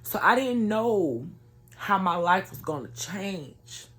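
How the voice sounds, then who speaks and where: A woman's voice: medium pitch, expressive, slow, fairly bright tone. A woman telling an emotional personal story to her viewers in an earnest, conversational way. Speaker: vlogger sharing a personal testimony.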